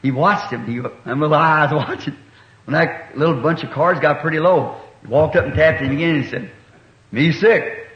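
A middle-aged man preaching in a homespun, colloquial manner, telling stories with rural grammar. His voice sits a little high. The sound is an echoey, muffled 1960s recording from a meeting hall. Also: normal speed. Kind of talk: folksy sermon storytelling.

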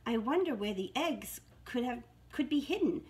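A woman's voice: on the high side, lively intonation, normal speed, a little mellow, close to an everyday voice. A woman voicing a giggly rabbit in a children's storybook reading. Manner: giggly, sniffy. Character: giggly, easily cross rabbit.

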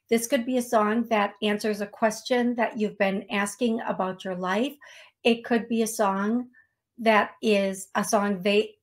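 A woman hosts a psychic medium live stream, speaking slowly and unhurriedly. Her voice sits at a middling pitch, and her talk is chatty and self-deprecating, with little laughs at her own expense. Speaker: psychic medium show host. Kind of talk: live-stream talk show, reading out names. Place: talking to viewers on a live stream.

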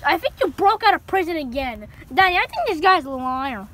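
A woman's voice: sits high, big pitch swings, a little fast, a bit bright. A woman voicing a whiny, crude, demanding little boy in an amateur puppet video. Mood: accusing. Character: bratty foul-mouthed little boy.

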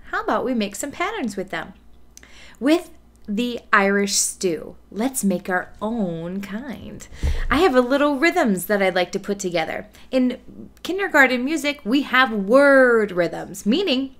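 A woman teaching an online music lesson to kindergarten children, encouraging them with praise and spelling out words slowly. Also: on the high side, bright, forceful tone.

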